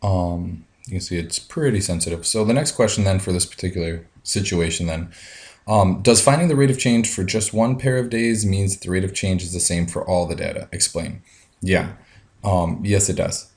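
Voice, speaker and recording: A man's voice: deep voice, normal speed, a little mellow. A male math teacher talking through a screencast lesson step by step, with frequent ums.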